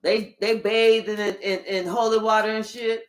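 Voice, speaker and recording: A woman giving a casual channeled reading, swearing often and telling playful, animated stories. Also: mid-range voice, measured pace. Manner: profane, playful, animated storytelling. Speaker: spiritual tarot reader.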